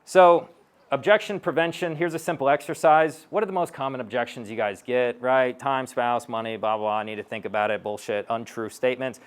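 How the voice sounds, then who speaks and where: A man's voice: mid-range voice, steady tone, clean tone. A man in his thirties giving a live stage talk as a sales coach, blunt and profane, acting out bits of sales-call dialogue. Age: 30s. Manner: blunt, profane, punchy delivery; acts out sales-call dialogue in quick asides. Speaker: sales coach speaking to an audience.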